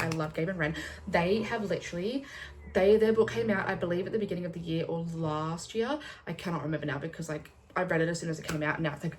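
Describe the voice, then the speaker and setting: Young female vlogger, lower register, chatty and excitable, casual swearing. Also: a little hiss or hum. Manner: rambling, excitable, swears and laughs often. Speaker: booktuber.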